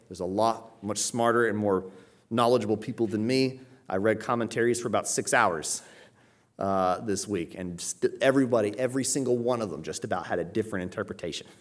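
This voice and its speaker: A man's voice: fairly low pitch, fairly quick. A man delivering a teaching sermon in an explanatory manner. He works through a passage carefully, often checking in with his listeners. When he quotes scripture, he lifts his voice for emphasis. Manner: explanatory, checks in with "okay?" and "right?". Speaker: preacher.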